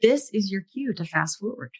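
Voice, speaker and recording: A woman's voice: mid-range voice, expressive, darkish tone, slightly rough, no room sound. Chatty woman podcast host, dry sound. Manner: chatty, quick asides with filler words. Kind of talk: casual podcast chat.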